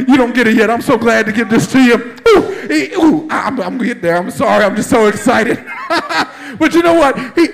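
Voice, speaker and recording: A male pastor preaching a sermon with fervent energy, often rising into shouted exclamations. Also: extremely high pitch, vocal fry, low-quality recording.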